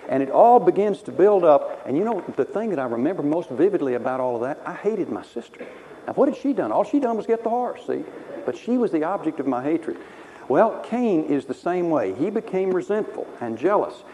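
A man's voice: fairly high pitch, big pitch swings, brisk, dark tone, muffled recording, a little hiss or hum. A man from Texas preaching a sermon through personal stories, wry and self-mocking, laughing at himself as he tells them.

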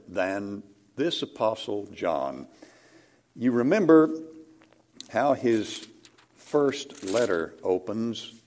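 A man preaching a sermon, speaking in a measured way and rising for emphasis. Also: fairly low pitch, a little mellow. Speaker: pastor.

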